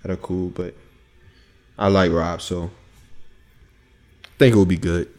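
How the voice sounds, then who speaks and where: A man co-hosting a podcast in casual chat, thoughtful and relaxed, often hedging his views. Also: sits low, unhurried. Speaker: podcast co-host.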